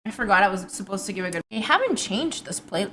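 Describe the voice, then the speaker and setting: A woman's voice: mid-range voice, big pitch swings, fast, fairly bright tone. A young woman streaming casually to her chat, talking loosely and apologizing over and over. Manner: chatty, keeps apologizing.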